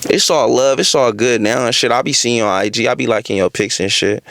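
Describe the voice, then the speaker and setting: A young man spins a casual storytime for his channel, loose and animated, dropping curses and slang. His voice sits at an everyday middle pitch and sounds close and dry with no room around it. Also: fairly quick, hardly any pauses, no echo. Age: young adult. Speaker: vlogger.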